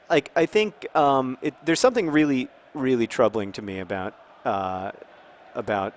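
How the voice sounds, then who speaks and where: A man in his thirties muses aloud at an easy, middling pitch as he plays a football game. His talk wanders with false starts and filler words, and he bursts into loud, excited cries whenever the match heats up. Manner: rambling, many restarts, bursts of excited outcries at the game. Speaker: video blogger playing a football video game. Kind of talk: casual gameplay talk while discussing a topic.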